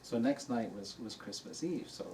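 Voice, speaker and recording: An older dharma teacher tells a warm anecdote to a hall audience, relaxed and chuckling at his own story. His medium-pitched voice has lively intonation and a moderate pace, picked up by a distant mic in a room with faint hiss.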